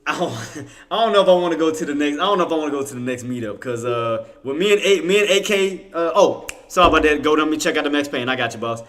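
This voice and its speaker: Cajun guy chatting away on a trading stream, gets excited, lots of y'all and dude. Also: fairly high pitch, fast talker, few pauses. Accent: Cajun Louisiana. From Louisiana. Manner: excitable, chatty, lots of Southern slang and restarts. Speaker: livestream trading commentator. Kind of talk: casual livestream commentary.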